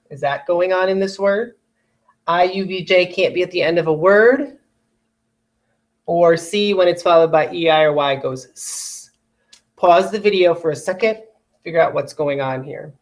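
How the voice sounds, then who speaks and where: A teacher giving a recorded phonics lesson to children, patiently speaking to the students and stretching words apart slowly to demonstrate their sounds. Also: medium pitch. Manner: patient, addresses young students directly.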